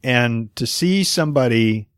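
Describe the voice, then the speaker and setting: Excitable man, dry close sound. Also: medium pitch, unhurried, clean tone, no room sound. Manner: enthusiastic, retells movie scenes with excitement. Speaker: podcast co-host. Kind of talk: casual chat.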